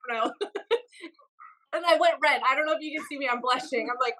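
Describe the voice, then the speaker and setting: Young woman guest, keeps laughing, bright tone, slightly high. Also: fast, low-quality recording. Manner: giggly, flustered, laughs often. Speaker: podcast guest. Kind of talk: casual interview chat. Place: home studio.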